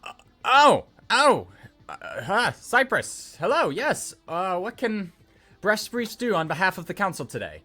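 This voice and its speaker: A prim little male halfling receptionist, put on by a man running a tabletop game. His voice sits high and loud, clipped and officious. There is soft music in the background. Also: animated, normal speed, hardly any pauses. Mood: flustered.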